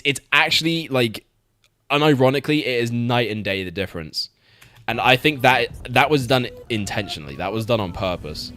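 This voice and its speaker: A man's voice: medium pitch, bright, forceful tone, no room sound. A young man streaming, chatting casually about games, swearing freely and laughing often. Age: young adult. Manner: laid-back, swears, laughs often, repeats words.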